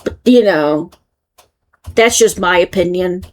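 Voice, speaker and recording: A woman's voice: on the low side, slow pace. American lady chatting about yarn, rambly and friendly, restarts her sentences a lot. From United States. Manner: chatty, thinks aloud, trails off and restarts. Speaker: crochet channel host. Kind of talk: casual product review chat.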